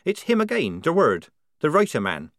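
A man's voice: a little high, huge pitch swings, normal speed, a bit bright, dry recording, studio quality, pitched above the performer's own voice, exaggerated voice. A man voicing a blunt, wary young female soldier with terse replies.

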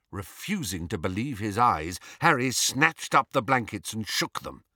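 A man narrates a novel with measured, expressive storytelling. His delivery is unhurried, with a lively pitch that rises and falls. The tone is bright and the recording is dry. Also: no room sound. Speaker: audiobook narrator. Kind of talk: scripted narration.

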